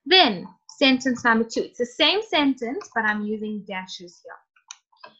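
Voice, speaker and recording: A very animated woman with a sharp, fairly high voice teaches an online class without rushing. In a chatty, encouraging way she reads out the messages students send, and the call audio is lo-fi.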